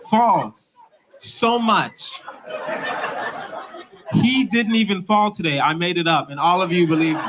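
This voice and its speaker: Animated laughing stand-up comic, man. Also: noisy background. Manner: animated, laughing, swinging up and down in pitch. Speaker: stand-up comedian in a played clip. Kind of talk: stand-up comedy bit.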